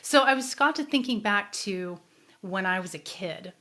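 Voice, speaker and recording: A middle-aged woman hosting her own show as a psychic medium, telling her life story to viewers. She talks casually and earnestly at a middle pitch, with an emotional pull and a softer, quieter voice when she recalls sad memories. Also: expressive, normal speed. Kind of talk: casual personal storytelling to a live audience.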